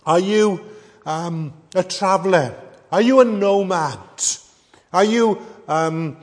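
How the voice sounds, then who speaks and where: A middle-aged man preaching a sermon, earnest and measured, pausing often with ums. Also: sits high. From Wales. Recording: echoey hall with long reverb.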